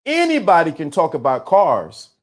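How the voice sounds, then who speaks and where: Animated man hosting a live chat. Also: on the high side, normal speed. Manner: animated, teasing, laughs often. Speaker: livestream host. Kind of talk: casual live-stream chat.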